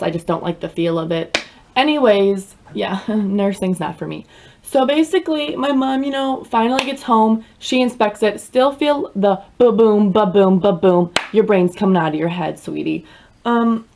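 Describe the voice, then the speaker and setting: A woman's voice: medium pitch, slight background noise. Young woman, casual storytime vlogger, dramatic and chatty, mid-range voice. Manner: dramatic, animated storytelling with many fillers. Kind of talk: storytime vlog.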